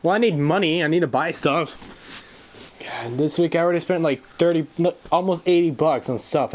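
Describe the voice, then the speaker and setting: A man's voice: on the high side, a little fast, a little mellow. A young man angrily venting to a friend, swearing and rambling through a story. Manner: angry, profane, rambling storytelling. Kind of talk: casual rant on a call.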